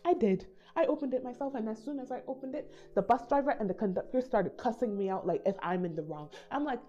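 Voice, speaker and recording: Speaking fast with a fairly high pitch, a woman from the Caribbean shares a casual story with her YouTube storytime audience. She's lively and voices each character's quoted lines herself. The audio sounds a little dull, with gentle music behind her.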